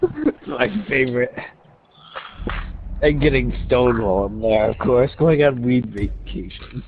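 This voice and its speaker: A man's voice: medium pitch, very animated, a little slow, narrow, tinny audio, slight background noise. A man chatting casually while playing an online racing game, cheerful and jokey.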